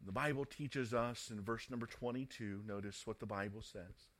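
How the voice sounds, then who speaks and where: A man's voice: lowish voice, moderate pace, fairly bright tone. A man preaching a sermon in a dramatic manner, reading scripture and rising to fervent emphasis.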